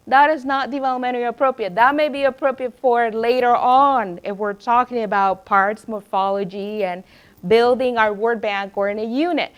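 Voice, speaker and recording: A woman who was a school principal, giving a lively talk to teachers and acting out the voices in her classroom stories. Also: fairly high pitch, normal speed, clean tone. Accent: Spanish. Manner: animated storyteller, acts out quotes. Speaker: former principal, literacy presenter. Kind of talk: professional development talk.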